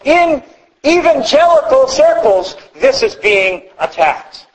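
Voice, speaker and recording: Man, pastor, sermon, earnest teaching, repeats key points, high voice. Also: very animated, takes it slowly, low-quality recording.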